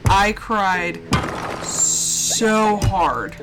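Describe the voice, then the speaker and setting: A woman's voice: mid-range voice, lively intonation, extremely slow. A young woman chatting casually while she streams a game live, gushing and emotional, laughing often and exclaiming a lot. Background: game music.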